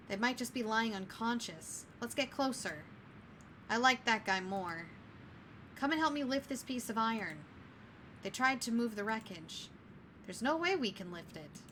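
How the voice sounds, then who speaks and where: Bright-voiced woman reading a game aloud. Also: mid-range voice, moderate pace, slight background noise. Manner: breaks off reading to apologize and joke. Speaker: streamer.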